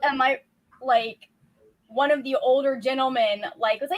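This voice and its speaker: A woman's voice: high-pitched, brisk, a bit bright. A woman co-hosting a live reading stream, chatting casually and acting out the voices in her stories. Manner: storytelling, acts out quoted voices, laughs. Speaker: co-host of a livestream reading sprint. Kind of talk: casual chat.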